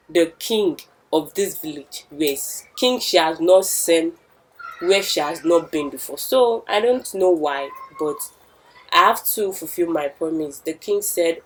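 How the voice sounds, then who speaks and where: A woman's voice: fairly low pitch, low-quality recording. A young woman telling a village story with chatty asides to the listener. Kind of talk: oral storytelling.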